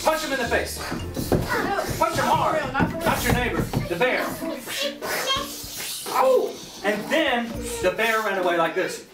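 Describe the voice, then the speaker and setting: A woman telling a Bible story to preschoolers, animated and coaxing the children to act it out with her. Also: on the high side, moderate pace. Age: adult. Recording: echoey hall, distant mic, loud music.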